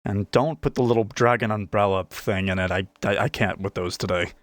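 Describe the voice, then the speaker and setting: A man's voice: on the low side, a little fast, no room sound, close to an everyday voice. A man voicing a prickly young cat-folk woman who answers curtly and irritably. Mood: irritated. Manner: irritated, snappish.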